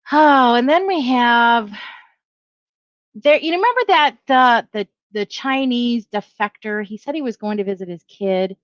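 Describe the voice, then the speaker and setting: A middle-aged woman talks through the news in loose commentary, reading headlines aloud and correcting herself as she goes. Her voice sits in an ordinary middle pitch. The recording is dry and a little dull. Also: no room sound. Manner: rambling, self-correcting, reads headlines aloud. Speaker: video blogger. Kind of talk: casual opinion commentary.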